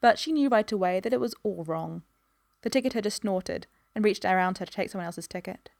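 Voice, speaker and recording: Measured woman narrating a story. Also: medium pitch, vocal fry, a little mellow, no room sound, clean studio sound.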